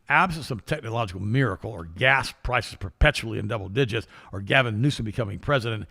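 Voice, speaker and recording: A man's voice: lowish voice, vocal fry, a bit bright. A middle-aged male co-host who reads news items aloud and adds sarcastic, opinionated asides. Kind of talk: opinionated talk show commentary.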